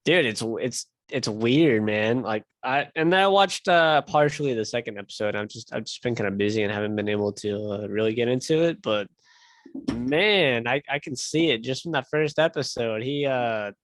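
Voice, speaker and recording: A young man tells a long story in loose casual chat, swearing freely and leaning on fillers. His voice sits at an ordinary pitch. The sound is dry and close, with almost no room in it. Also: expressive, normal speed, dry recording. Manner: rambling, profane, filler-heavy storytelling. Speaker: podcast host.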